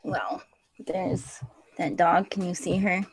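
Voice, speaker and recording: A woman from Michigan with a nasal Midwestern accent, chatting softly as a guest on a live stream. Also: lowish voice, flat delivery, takes it slowly, slightly rough, dry recording. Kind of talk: casual live stream chat.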